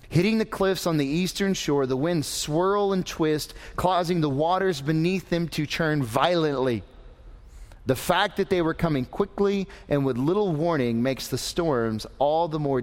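A man's voice: a little high, darkish tone. Man preaching a sermon in a reverberant hall. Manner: conversational, joking asides to the congregation.

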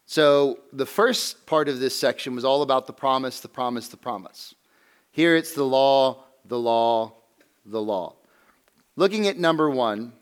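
A man teaching a Bible lesson to a class in a conversational way, asking questions and slowing down to stress key phrases. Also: medium pitch.

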